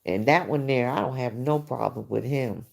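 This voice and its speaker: This is a middle-aged woman livestreaming late at night, her very deep voice a little mellow, edged with vocal fry, and moving at a normal speed. She talks casually and bluntly with viewers, answers their comments, and leans on "you know" often.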